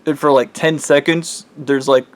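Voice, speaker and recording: A man's voice: fairly high pitch, fairly even intonation, measured pace. A man casually retelling a dream in a rambling way, with constant filler words and swearing. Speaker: vlogger.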